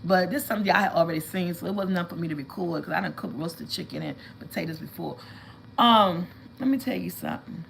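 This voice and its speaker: A woman chatting casually with viewers on a livestream, telling animated stories and calling them y'all. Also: lowish voice, fast, creaky, slight background noise, rough recording. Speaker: vlog host.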